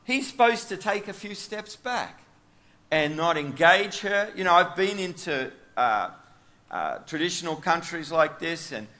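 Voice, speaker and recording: A man's voice: on the high side, lively intonation, a little slow, sharp tone. A man with an Australian accent preaching a sermon in a chatty storytelling way, full of asides. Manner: chatty, with frequent asides and fillers.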